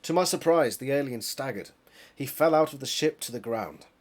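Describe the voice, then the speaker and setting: British man, husky, reads a novel aloud with chatty commentary and self-corrections. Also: medium pitch, lively intonation, moderate pace. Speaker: reader of a book series.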